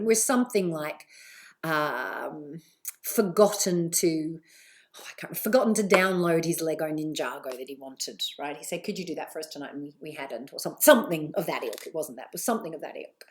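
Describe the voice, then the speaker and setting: A middle-aged woman with a British accent, giving a candid, chatty live online talk as a coach, with asides and a lively delivery. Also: on the low side.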